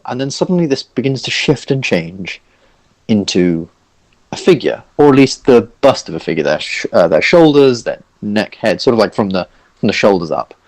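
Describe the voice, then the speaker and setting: A young man narrating a tabletop game as dungeon master, relaxed with lots of fillers. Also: lowish voice, no room sound.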